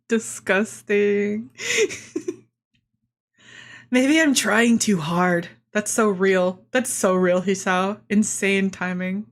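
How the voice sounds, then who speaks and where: A woman's voice: medium pitch, extremely slow, long pauses. A young adult woman streaming a game in casual chat, giggling often, swearing freely and joking at her own expense. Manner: giggly, swears a lot, self-deprecating.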